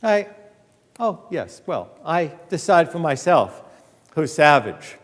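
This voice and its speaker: A man giving an animated storytelling lecture as an author, joking with and quizzing his audience in a college hall. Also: a little high, slow pace. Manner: animated, acts out quoted dialogue, jokes with audience. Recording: long hall reverb.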